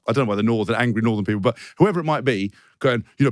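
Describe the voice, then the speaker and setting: Male co-host, mid-pitched, sweary and ranting, lively storyteller. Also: fast talker, no room sound, studio quality. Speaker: podcast co-host. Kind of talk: casual podcast chat.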